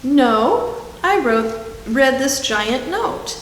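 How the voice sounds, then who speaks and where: A woman's voice: high-pitched, big pitch swings, very slow, voice pushed up, heavily acted. A woman voicing a pompous, self-assured male vegetable detective with grand, theatrical speech. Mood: confident. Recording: echoey hall with faint hiss.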